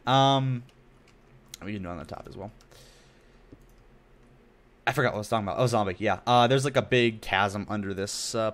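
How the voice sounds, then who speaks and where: A young man streaming a building game, chatting in a rambling, self-deprecating way with lots of asides. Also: lowish voice. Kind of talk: casual gameplay commentary.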